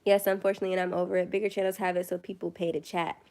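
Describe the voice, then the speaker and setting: A woman's voice: lowish voice, level tone, very fast, darkish tone. A young woman chatting casually on her first phone livestream, tired late at night, rambling and self-deprecating.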